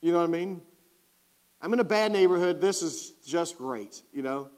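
A man's voice: a little high, moderate pace. A man, preaching and telling a story from his own life, asking the congregation questions directly. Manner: animated, talks to the congregation directly. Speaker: pastor. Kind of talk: sermon storytelling. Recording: long hall reverb.

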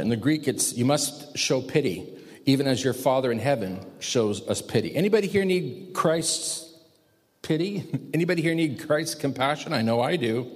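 A man's voice: mid-range voice, darkish tone, husky. A male pastor preaching a sermon, raising his voice for emphatic commands and quoting scripture. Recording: long hall reverb.

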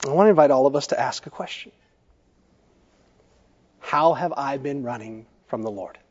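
A male pastor preaching a sermon, telling stories in a measured way and putting questions to the congregation. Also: medium pitch, lively intonation, darkish tone. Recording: echoey church hall, dull lo-fi sound.

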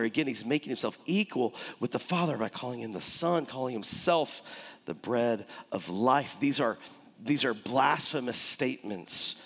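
A man preaching a sermon as pastor, animated and conversational, with dramatic pauses. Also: mid-range voice, long reverb tail.

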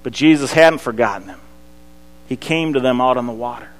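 A pastor, preaching a sermon that swings from loud to hushed. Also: male voice, mid-range voice, a little fast. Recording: long hall reverb.

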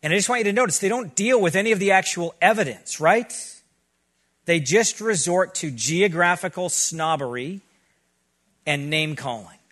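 Higher-voiced man preaching a conversational sermon. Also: expressive, fairly bright tone. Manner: earnest, conversational preaching with quick asides. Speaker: pastor.

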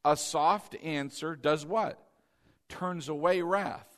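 Preaching slowly from the pulpit, a middle-aged pastor gives an animated sermon. His delivery swings from booming emphasis down to soft, confiding murmurs.

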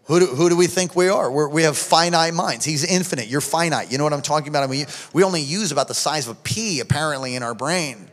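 A middle-aged male pastor delivers a sermon in a fairly high voice, telling personal stories with force. He drops to near-whispers, then rises to shouts. His words ring out with a long reverb that fills the church hall. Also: quick pace, few pauses. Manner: emphatic storytelling preacher, swings from hushed to shouting.

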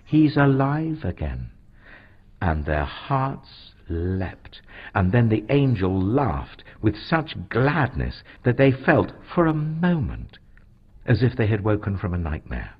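A man's voice: lowish voice, big pitch swings, slow pace, husky. A man narrating a children's Bible storybook in a dramatic, swooping storytelling manner. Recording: dull lo-fi recording.

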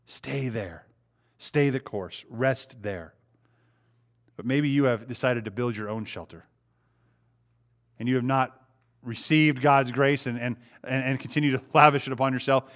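A pastor delivers a sermon in a conversational style, asking the congregation rhetorical questions and acting out short quotes. His voice sits at a medium pitch, and he speaks a little slowly with frequent pauses.

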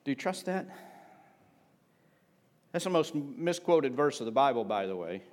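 A man's voice: medium pitch, sing-song, unhurried, a little mellow. A man preaching a sermon in a conversational, humorous way, often asking the congregation for an amen. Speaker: pastor.

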